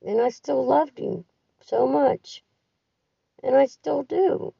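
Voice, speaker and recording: A middle-aged woman with a husky, heavily gravelly voice leaves a bitter, profane voice message. She talks slowly and sounds tired and grieving. The phone recording is dull and lo-fi, with her set back from the mic. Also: sits high, warm tone, no room sound, far from the mic. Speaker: caller leaving a voice message. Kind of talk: raw venting voice message.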